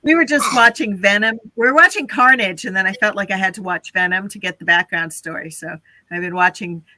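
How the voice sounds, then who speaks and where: A woman's voice: medium pitch, a little fast, bright, forceful tone, rough recording. A woman hosting a casual live stream, chatty and laughing often as she talks to her viewers.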